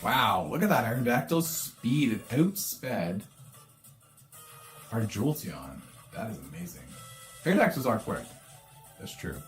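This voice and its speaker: A man playing a video game and explaining his moves as he goes. His voice is mid-pitched and his talk is easygoing, with faint music underneath. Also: unhurried, long pauses. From Canada. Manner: relaxed, thinking aloud. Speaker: co-host, gamer. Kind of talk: casual let's-play commentary.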